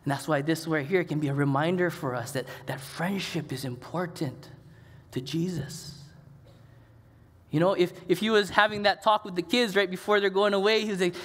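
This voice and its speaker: A middle-aged pastor preaches in a chatty, storytelling style, dropping in plenty of casual asides, his fairly bright voice pitched rather high for a man. He moves at a moderate pace while a long reverb follows his words around the church sanctuary.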